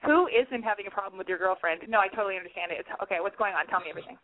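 A woman's voice: mid-range voice, rapid-fire, narrow, tinny audio. A woman hosting a call-in podcast from her apartment, talking in a frantic, self-mocking way and swearing freely. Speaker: podcast host taking calls. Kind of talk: casual call-in podcast chat.

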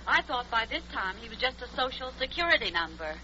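A woman's voice: fairly high pitch, big pitch swings, quick pace, sharp tone. A woman trading teasing wisecracks as a guest on a 1940s radio comedy show. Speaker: guest actress. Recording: dull old radio broadcast with faint hiss.

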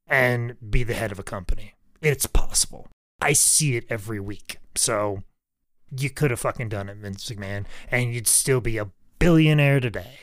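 A man's voice: medium pitch, normal speed, fairly bright tone, dry recording, studio quality. A man co-hosting a wrestling podcast, talking bluntly and passionately with some swearing. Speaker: podcast co-host. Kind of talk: casual chat.

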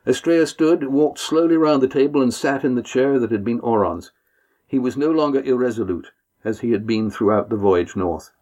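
A man narrating an audiobook in a calm, even storytelling manner. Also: medium pitch, moderate pace. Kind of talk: scripted narration.

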